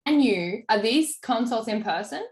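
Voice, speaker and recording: A woman's voice: a little high, expressive, moderate pace, darkish tone, reverberant. A woman business coach talking through a sales call in a casual, chatty way, full of fillers. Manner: chatty, filler-heavy, acts out client quotes.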